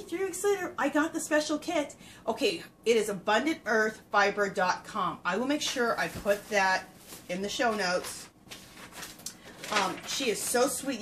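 A woman's voice: mid-range voice, fairly bright tone, a little hiss or hum, rough recording. Gushing woman host showing off yarn. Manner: gushing, enthusiastic, full of filler words. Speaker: fiber-craft podcast host. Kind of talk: casual show-and-tell chat to viewers.

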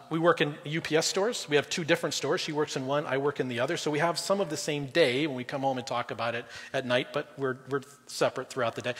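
Middle-aged male preacher, husky tone, fairly high voice, conversational sermon with loud and soft swings. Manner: conversational preaching, swings between loud emphasis and quiet drops. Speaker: guest pastor. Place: church auditorium. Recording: long reverb in a large hall.

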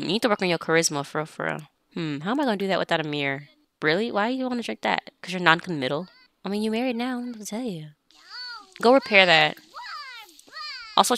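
Bright-voiced chatty woman gamer. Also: on the low side, slight background noise. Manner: chatty, talks directly to her game characters. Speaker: let's play gamer. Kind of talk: casual gameplay commentary.

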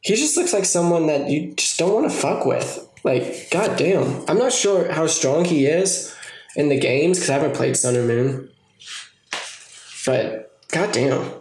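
A man's voice: a little high, measured pace. A young man giving casual, joking commentary while opening card packs, swearing often. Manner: excitable, swears a lot, jokey asides. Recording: echoey room with faint noise.

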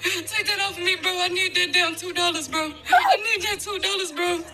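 A man's voice: extremely high pitch, normal speed, music in the background. A man mocking a crying YouTuber with a whining, cursing, complaining voice. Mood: whiny mockery.

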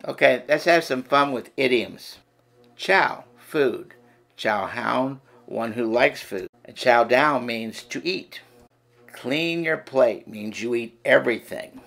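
Male ESL narrator, slow, a bit gravelly, plain teaching read. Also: mid-range voice, fairly bright tone. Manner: slow, listing terms one by one.

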